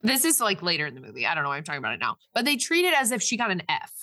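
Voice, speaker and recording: A woman's voice: on the low side, wildly swooping pitch, very fast, pushed and bright, no room sound. A woman casually retelling a movie plot in a chatty podcast conversation, rambling with lots of fillers and restarts. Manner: rambling, filler-heavy retelling with quoted voices. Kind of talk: casual movie recap chat.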